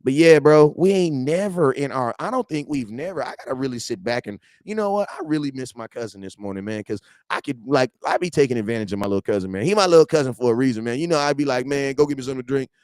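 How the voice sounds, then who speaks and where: A man about forty hosting a casual football fan show from his garage, animated and slangy, swinging between loud outbursts and low asides. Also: fast, few pauses, no echo, studio quality.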